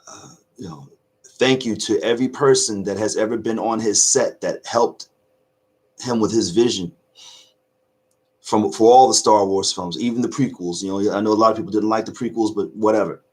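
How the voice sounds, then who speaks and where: Husky choked-up man reflecting earnestly. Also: lowish voice. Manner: halting, choked-up, earnest, many restarts. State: choked up with emotion. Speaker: YouTube reaction host. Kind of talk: emotional casual reaction talk.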